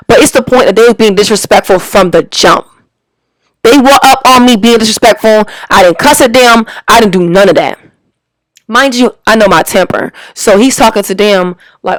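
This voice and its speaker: A woman's voice: a little high, normal speed, dry recording, rough recording. A woman, a parent, telling a story in a heated, emphatic, profane rant full of slang. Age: adult parent. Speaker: storyteller vlogger.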